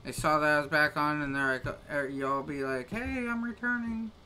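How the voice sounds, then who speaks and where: A man's voice: medium pitch, little pitch movement, normal speed, bright, forceful tone, slight background noise. A man grumbling casually to his live-stream chat while he plays a game, with exasperated little rants.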